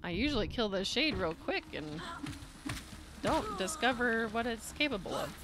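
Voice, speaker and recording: Female game streamer, lively and chatty, noisy mic audio. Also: on the high side, moderate pace. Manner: animated, talks to the game, repeats "no" in bursts. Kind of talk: live game-play commentary.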